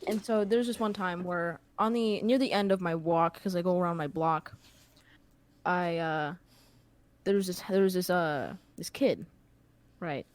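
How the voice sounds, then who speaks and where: A woman's voice: lowish voice, unhurried. A young woman hosting a podcast, telling a long anecdote in a casual, rambling way with plenty of fillers. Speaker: podcast host. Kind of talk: casual storytelling chat.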